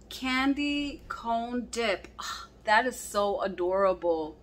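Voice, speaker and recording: A woman vlogger chatting casually as she unboxes fan mail, gushing and excitable, calling everything cute over and over. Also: a little high, slow, slight background noise.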